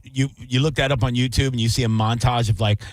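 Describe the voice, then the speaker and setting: A man hosting a radio aftershow in casual chat, animated and laughing, acting out quotes in put-on voices. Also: mid-range voice, fast, no echo. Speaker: radio host.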